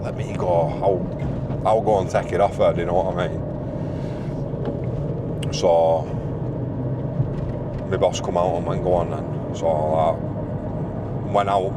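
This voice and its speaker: Young guy, really deep voice, chatting a story by a busy road, cars loud behind. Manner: animated, slangy storytelling with put-on quoted voices. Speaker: vlogger. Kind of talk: casual storytelling. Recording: loud traffic noise outdoors.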